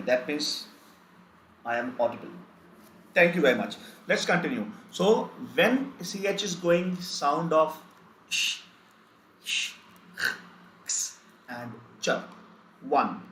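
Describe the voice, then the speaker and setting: A man teaching a live online German pronunciation lesson, spelling out letters and repeating sounds in slow drills. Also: on the high side, a bit bright. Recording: echoey room with faint background noise.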